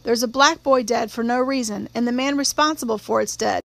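A woman's voice: a little high, brisk, gravelly, no echo. A woman voicing a blunt, stubborn male small-town sheriff in his forties who talks in a plain-spoken drawl. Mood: earnest.

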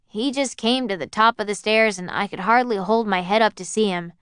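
A woman reading a first-person story aloud as an audiobook narrator, in an even, measured way. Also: medium pitch, clean tone, no room sound, clean studio sound.

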